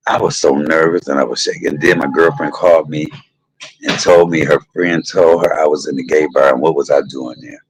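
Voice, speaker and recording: A man hosting his own show, telling a personal story in an animated, profane way and talking straight to his listeners. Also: extremely low pitch, brisk, rough recording. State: emotional, tearful at times. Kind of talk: candid storytelling monologue.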